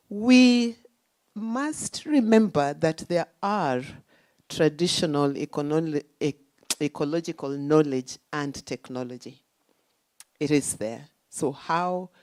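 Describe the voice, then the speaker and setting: A woman with a low voice gives a symposium talk. She lectures with rhetorical questions and firm emphasis. The sound is dry and close. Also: darkish tone, no room sound. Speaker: symposium speaker. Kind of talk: academic talk. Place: conference hall.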